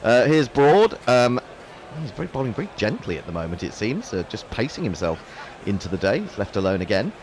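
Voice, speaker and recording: A low-voiced man calling live cricket ball by ball. His pitch swings widely as he moves between dry, self-mocking asides and the calls of each delivery. Faint outdoor noise sits behind him. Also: big pitch swings, fairly quick. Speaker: cricket commentator. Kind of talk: live ball-by-ball radio commentary.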